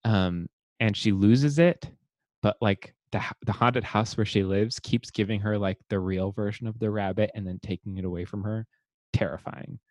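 A man co-hosting a podcast, chatting casually in a relaxed way, with many fillers and restarts. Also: lowish voice, moderate pace, no room sound, studio quality. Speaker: podcast co-host. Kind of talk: casual chat.

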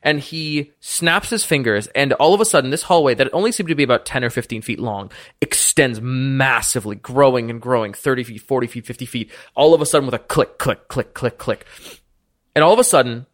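A man narrating a tabletop game as dungeon master with lively, descriptive storytelling. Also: mid-range voice, brisk.

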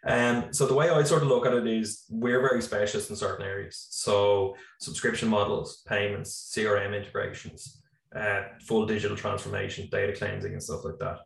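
A gravelly, lowish, brisk voice belongs to an Irish man in his thirties who farms and founded a business. Relaxed and rambling with many fillers, he talks on a video call through a slightly distant computer mic in an echoey room.

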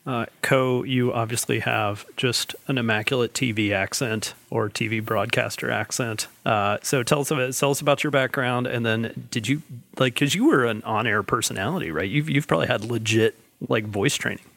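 A man hosting a casual panel chat, talking in a halting way with many fillers and no regional accent. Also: mid-range voice, creaky, a bit bright, no echo. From Alabama. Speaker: podcast host.

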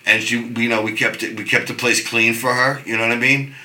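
A middle-aged man telling stories in casual chat, animated, swearing and restarting his sentences. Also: medium pitch, a little fast, reverberant, poor audio. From New York. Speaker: guest.

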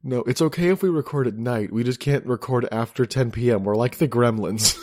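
A man's voice: mid-range voice, a little fast, a little mellow, no room sound, clean studio sound. A man co-hosting a podcast, rambling and laughing as he sums up a movie plot. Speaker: podcast co-host. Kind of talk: casual movie-review chat.

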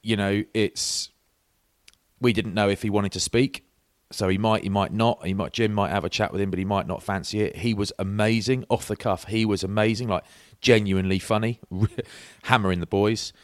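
A man's voice: lowish voice, moderate pace, no room sound, studio quality. A middle-aged man telling an anecdote in a casual chat, peppering it with "mate". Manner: lively storyteller, says mate a lot.

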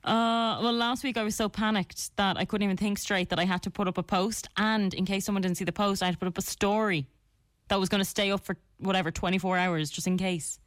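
A woman with an Irish accent co-hosting a radio show, lively and quick to protest. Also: medium pitch, dry recording. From Ireland. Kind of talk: casual radio chat.

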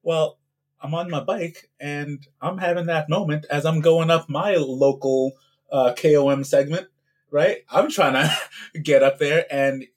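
A man who is a guest on a podcast, talking casually about his amateur cycling in a relaxed, chatty way, often checking in with "right?". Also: a little high, a little slow. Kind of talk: casual interview talk.

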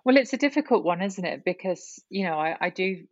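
A woman's voice: lowish voice, expressive, a little fast, no echo, highs cut off. A woman guest talking candidly in an interview, reflective and full of restarts and "you know"s. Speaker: guest, writer and columnist.

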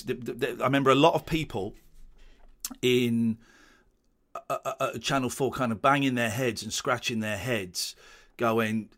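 A man with a mid-pitched voice rambles through a casual commentary on an old comedy show. He restarts his sentences often and pokes fun at himself. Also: fairly bright tone. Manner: rambling, many restarts, self-deprecating.

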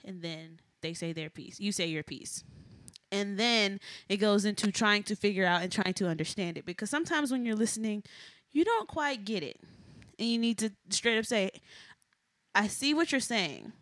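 A woman's voice: medium pitch, lively intonation, moderate pace, a bit bright, no room sound. A young woman co-hosting a casual relationship advice podcast, teasing her partner and laying out advice plainly. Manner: laughs often, teasing, explains things plainly. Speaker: podcast co-host.

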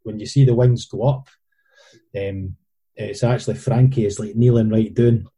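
Scottish male filmmaker, low, husky and very mellow, rambling and self-deprecating. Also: steady tone, normal speed. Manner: rambling, self-deprecating storyteller with many fillers. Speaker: independent filmmaker and editor. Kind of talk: casual podcast chat.

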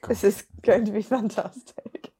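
A woman's voice: medium pitch, fairly even intonation, measured pace, mellow, breathy edge. A young woman co-hosting a podcast, chatting in a teasing, giggly way. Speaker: podcast co-host. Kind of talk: casual chat.

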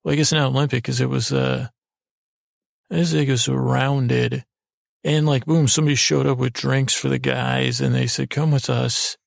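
A man's voice: medium pitch, steady tone, moderate pace, creaky, no echo, clean studio sound. A man telling a rambling, improvised sleep story, meandering and hesitant, with many restarts. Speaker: podcast host.

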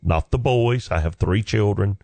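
A middle-aged man with a fairly low voice tells stories in a folksy, joking way. He is recorded close and dry, with no room sound. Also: measured pace, mellow, dry recording. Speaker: comedian and former pastor. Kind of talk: storytelling talk.

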